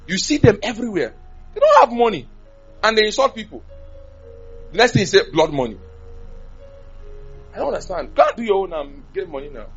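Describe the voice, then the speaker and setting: Lively preacher man. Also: high-pitched, quick pace, pauses often, husky, lo-fi sound, soft background music. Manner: animated preaching, swinging from loud to soft. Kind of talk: sermon.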